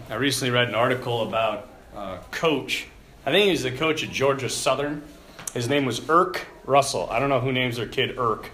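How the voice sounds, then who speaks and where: A man preaching a conversational Catholic sermon, telling a story and often clearing his throat. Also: mid-range voice, sharp tone.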